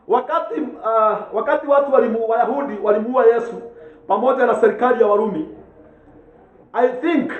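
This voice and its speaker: A man with a Kenyan accent preaching a sermon as pastor, fervent, with frequent chuckles and mixed languages. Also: very high-pitched. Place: church. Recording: echoey church with tinny phone-like sound.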